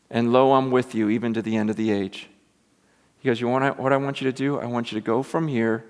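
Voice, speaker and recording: A man preaching a sermon in a lively, animated way, acting out quotes and building to loud, excited peaks. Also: medium pitch, moderate pace, long pauses. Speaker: pastor. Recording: long reverb of a large hall.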